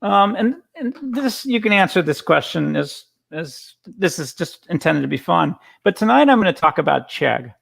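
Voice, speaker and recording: Male speaker, gravelly tone, slightly high, casual storytelling with restarts, video-call audio. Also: very animated, normal speed, few pauses, a bit bright. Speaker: guest speaker. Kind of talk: conference talk.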